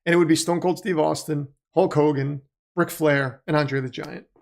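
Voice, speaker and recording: Chatty gravelly-voiced male livestream host. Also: fairly high pitch, steady tone, normal speed. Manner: chatty, reads out donations and chat messages. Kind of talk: casual livestream chat and play-by-play.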